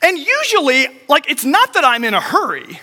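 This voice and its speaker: A man in young adulthood preaching a sermon as a pastor, telling a story quickly and with animation. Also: extremely high pitch, wildly swooping pitch, bright, forceful tone, big-room sound.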